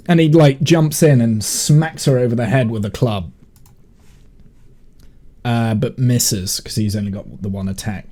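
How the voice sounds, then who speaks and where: A man narrating as game master in a relaxed, hesitant way with many fillers. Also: mid-range voice, unhurried, pauses often.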